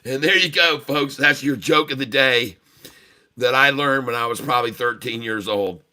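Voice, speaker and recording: A man hosting a trading livestream tells a bawdy joke in a folksy, chuckling way. His voice is strongly bright and sharp. His pitch sits in the middle range. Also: moderate pace. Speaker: day-trading livestream host.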